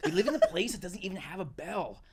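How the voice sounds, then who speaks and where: A man's voice: high-pitched, lively intonation, quick pace, heavy background noise. A man putting on a timid Welsh-accented woodland monk. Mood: pleading. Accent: Welsh (put on).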